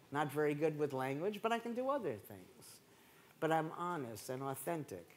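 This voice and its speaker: A woman speaking as a keynote speaker in a conversational, animated way. She keeps checking in with the room through quick rhetorical asides. The talk is delivered at a conference. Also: on the low side. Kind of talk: conversational lecture. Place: conference hall.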